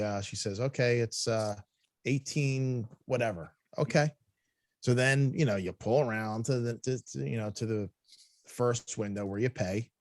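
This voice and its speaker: A man's voice: on the low side, darkish tone, no room sound. Profane, laughing man telling a story. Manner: profane, laughing, acts out quoted voices. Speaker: podcast co-host. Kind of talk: casual storytelling chat.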